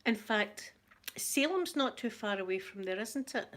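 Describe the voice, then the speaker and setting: A middle-aged woman with a Scottish accent tells a personal story to her live viewers in a chatty way. Her voice is at an ordinary middle pitch. She talks animatedly from home, greeting people in between. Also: measured pace. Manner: chatty, animated retelling with laughter. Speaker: livestream host. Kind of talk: casual storytelling chat.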